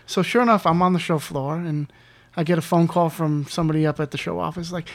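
Man, fairly high voice, animated storyteller, dry close sound. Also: fast, no echo. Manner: animated, acts out quoted voices. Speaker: convention organizer guest. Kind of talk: casual anecdote telling.

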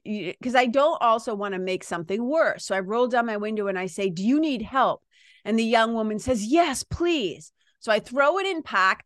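A woman's voice: medium pitch, a bit bright, no echo, studio quality. A woman, a yoga teacher, telling a personal story in a casual, conversational way, full of "right?" and "like" and the odd swear word. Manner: conversational, with frequent "right?" and "like" fillers; frank, swears now and then.

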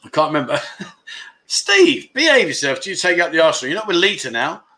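Male livestream host, bright and lively, quick to tease the viewers. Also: on the high side. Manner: joking, teasing, reading out viewer comments. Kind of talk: casual livestream chat.

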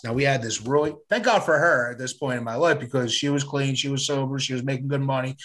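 A man's voice: mid-range voice, fairly bright tone. Rambling man telling his story. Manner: rambling, filler-heavy, frequent restarts and swearing. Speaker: guest sharing his recovery story. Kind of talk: casual personal storytelling.

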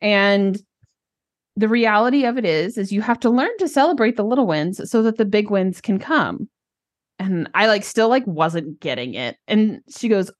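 A woman co-hosting a casual podcast chat, telling stories with lively acted-out quotes. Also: mid-range voice, normal speed, no room sound. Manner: animated storytelling, acts out quoted lines. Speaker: podcast co-host, business coach.

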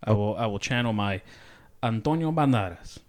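A man's voice: lowish voice, animated, normal speed, a little mellow. Irritable, sarcastic male actor. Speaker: actor in sketch. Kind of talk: comedy sketch acting.

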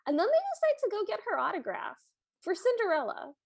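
A woman's voice: extremely high pitch, wildly swooping pitch, brisk, vocal fry, dry recording. A woman co-hosting a podcast, chatting casually and acting out quotes with playful voices. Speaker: podcast co-host. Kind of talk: casual chat recapping a TV special.

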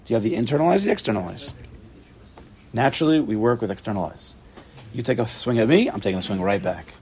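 A man leading an informal Torah class, animated and playful, full of rhetorical questions. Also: on the low side, quick pace.

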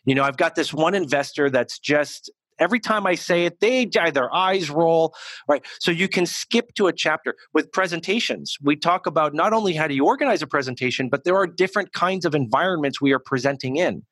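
A man working as an executive communication coach, answering interview questions in a lively, conversational way, often restarting his sentences. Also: fairly high pitch, fairly quick, no room sound. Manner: animated, self-correcting restarts.

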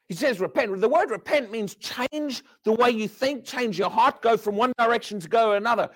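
A man preaching a sermon, asking the crowd rhetorical questions and dropping from loud emphasis to hushed words. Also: extremely high pitch, normal speed, hardly any pauses.

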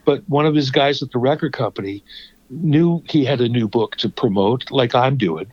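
A man spins animated stories and slips into the voices of the people he describes. His pitch sits in an ordinary middle range, and the lo-fi recording sounds slightly dull. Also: normal speed, dry recording. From Toronto, Canada. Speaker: former radio host and songwriter. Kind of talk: anecdotal storytelling in a conversation.

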